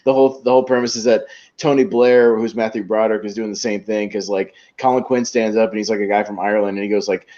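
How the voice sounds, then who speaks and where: Young male co-host, lively storyteller, muffled lo-fi recording. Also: lowish voice, fast. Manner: animated storyteller, acts out sketch quotes with laughter. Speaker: podcast co-host. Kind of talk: casual chat. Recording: dull lo-fi audio.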